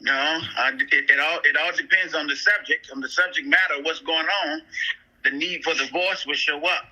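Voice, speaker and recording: A man joining a talk show as a guest, speaking in a measured way, quoting scripture and stumbling on some words. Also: on the high side, fairly even intonation, sharp tone, poor audio. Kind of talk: casual chat.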